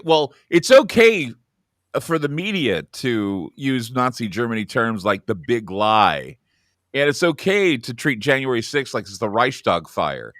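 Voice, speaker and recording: A man hosting a talk show, chatting casually about politics in an animated way, his voice jumping up when he quotes people. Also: no room sound, studio quality. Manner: animated, voice jumps high when quoting people. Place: Oregon studio.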